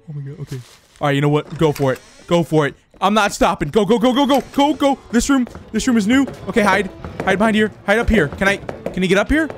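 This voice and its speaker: A young gaming YouTuber commentates a horror game for his channel, jumpy and excitable, sinking into hushed whispers and bursting into panicked yelps. He speaks fast in a high-pitched voice, with faint music in the background.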